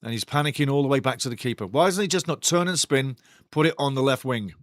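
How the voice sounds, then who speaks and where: This fast-talking man has a medium-pitched voice and is running a live match watch-along. He calls out the play and rants indignantly right at his chat, full of passion. There's no room sound, and the quality is studio-grade.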